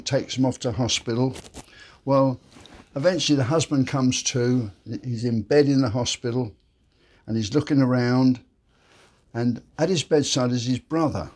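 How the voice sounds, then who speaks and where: A man's voice: mid-range voice, fairly even intonation, moderate pace. A man hosting a daily joke show, telling jokes in a chatty, folksy storyteller manner. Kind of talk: casual joke telling to camera.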